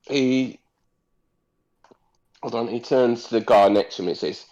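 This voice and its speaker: A man's voice: medium pitch, steady tone, moderate pace, dark tone, muffled recording. A man playing a tabletop game, narrating his character's actions in a rambling way. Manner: rambling, with many fillers. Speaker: player. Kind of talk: tabletop role-play narration.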